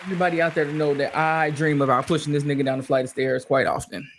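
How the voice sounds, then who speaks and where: A woman co-hosting a podcast in casual chat, trading dry, deadpan sarcastic comebacks. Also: deep voice, fast, slight background noise. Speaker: podcast co-host.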